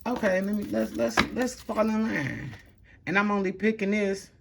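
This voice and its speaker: A woman in the middle of a casual tarot reading, talking straight to the viewers at a medium pitch. She is blunt and slangy and swears without a second thought. She drifts between unhurried calm and sudden loud bursts. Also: vocal fry, noisy background. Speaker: tarot reader.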